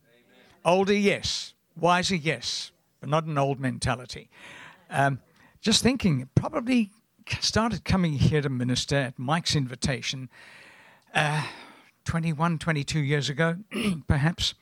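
Older south african guy preaching, rambly storyteller, gravelly voice, dry close sound. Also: a little high, lively intonation, measured pace, a bit bright, no echo. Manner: rambling, anecdotal, often clears throat. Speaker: guest preacher. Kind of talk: sermon.

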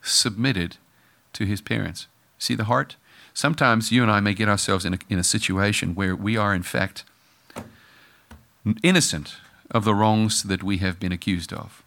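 A man's voice: on the low side, normal speed, sharp tone. A man preaching a sermon in a conversational way, acting out the voices he quotes. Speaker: pastor.

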